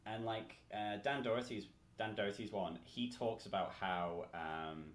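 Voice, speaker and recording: A man, chatting casually as a podcast host, animated and swearing as he acts out quotes. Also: lowish voice, unhurried. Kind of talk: casual chat. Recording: roomy echo, faint room noise.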